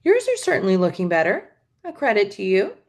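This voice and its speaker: A woman voicing a stern, brisk older society lady who speaks crisply and commandingly in a storybook reading. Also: mid-range voice, huge pitch swings, pitched above the performer's own voice.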